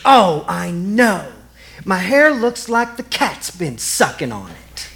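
A man quoting a folksy, gently joking old woman with homespun sayings, spoken slowly and tenderly. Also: high voice, very animated, vocal fry, voice pushed up, heavily acted. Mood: fond.

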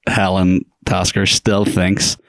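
A man's voice: sits low, monotone, takes it slowly, fairly bright tone, no echo, studio quality. A man co-hosting a podcast, chatting casually about a film, rambling and laughing, acting out lines. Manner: rambling, laughs often, acts out quotes. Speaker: podcast co-host. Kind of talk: casual movie chat.

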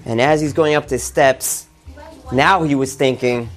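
A man telling a religious story and drawing its lesson, with animated emphasis on key words. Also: medium pitch, normal speed, soft background music.

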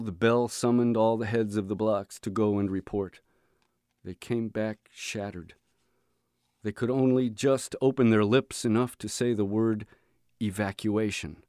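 Man, lowish voice, earnest audiobook reading, dry close mic. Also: steady tone, measured pace, darkish tone, clear, resonant tone, no room sound. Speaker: teacher reading to students.

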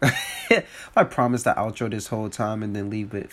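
A comedian from New Jersey, congested and sick, hosting a casual solo podcast, swearing freely, mocking himself and laughing often. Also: male voice, lowish voice, sing-song, normal speed, background noise. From New Jersey, USA.

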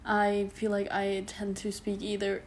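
A woman's voice: mid-range voice, completely flat delivery, measured pace, a little hiss or hum. A young German woman in her early twenties, a podcast host rambling casually in English with a German accent, full of fillers and self-corrections. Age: around 20. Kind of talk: casual solo podcast monologue.

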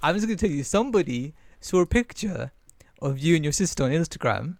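A man's voice: a little high, lively intonation, brisk, gravelly, darkish tone, no room sound, studio quality. A young man, co-hosting a podcast in jokey banter and often cutting in. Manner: jokey, interrupts with repeated "hold on". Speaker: podcast co-host. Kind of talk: casual banter.

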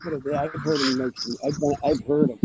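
A man speaking quietly and matter-of-factly in a casual outdoor chat. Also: on the high side, steady tone, fast, slight background noise.

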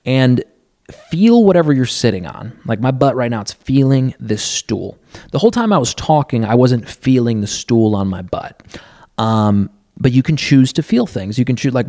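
A man's voice: mid-range voice, creaky, a little mellow, no room sound, clean studio sound. A man hosting a podcast, rambling through a crude, profane comedic monologue while seated on a stool at a counter, laughing often. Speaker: podcast host.

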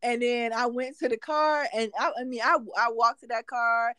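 Woman, casual faith-talk co-host, animated storyteller, higher voice, dry room. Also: moderate pace, clean tone, no echo. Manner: animated storytelling, restarts, Southern Black vernacular phrasing.

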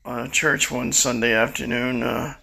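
Man in his sixties, very gravelly, husky, forceful, candid rambling monologue. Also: mid-range voice, flat delivery, measured pace. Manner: rambling, confessional, restarts often. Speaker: storyteller recounting his life.

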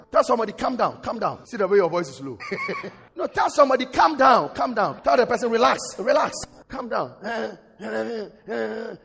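A man preaching a sermon in church. He quotes scripture and calls on the congregation to respond. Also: high-pitched. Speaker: pastor. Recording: long hall reverb, faint music.

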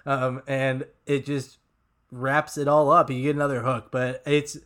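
A man in a relaxed podcast conversation, chatting about a song line by line. He laughs often and fills pauses with ums and quick restarts. His voice sits at an ordinary middle pitch. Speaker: podcast co-host. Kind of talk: casual podcast chat breaking down song lyrics.

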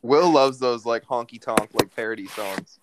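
A man's voice: medium pitch, normal speed, very noisy. A young man co-hosting a podcast, joking and swearing freely in casual banter with friends. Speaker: podcast co-host.

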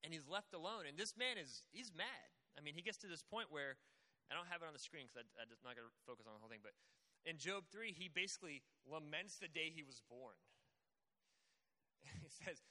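Bright-voiced young pastor, echoing hall. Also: male voice, fairly high pitch, lively intonation, brisk. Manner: conversational, acts out quoted voices. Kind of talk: casual sermon. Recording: long hall reverb.

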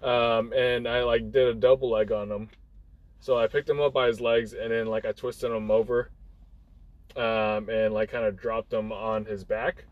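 A man's voice: medium pitch, little pitch movement, normal speed, no room sound, dull audio. A young man telling a rambling personal anecdote in casual chat, full of fillers and restarts, acting out what people said. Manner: rambling, many fillers and restarts, acts out quotes. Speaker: guest storyteller.

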